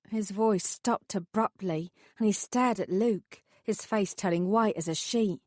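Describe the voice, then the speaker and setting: An audiobook narrator reads a first-person novel aloud, bringing lively storytelling to the scripted narration. Her voice sits at a middle pitch and moves a little slowly with few pauses. The recording is close and dry.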